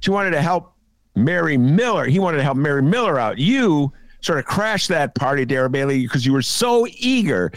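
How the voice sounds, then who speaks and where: A male podcast co-host giving sarcastic, scolding political commentary, jabbing at his target and dropping into low asides. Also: sing-song, moderate pace, no echo. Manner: sarcastic, scolding, swinging between loud jabs and low asides.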